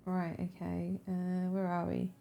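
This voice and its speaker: A woman streamer narrating and organizing a murder mystery game in a brisk, casual way. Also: on the low side, completely flat delivery, vocal fry, dark tone. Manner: brisk, organizing, laughs often.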